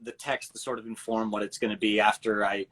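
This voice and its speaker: A man's voice: on the low side, level tone, a little fast, a bit bright, low-quality recording. Hesitant, rambling man on a call. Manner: rambling, hesitant, many restarts. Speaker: voice actor. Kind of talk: casual chat.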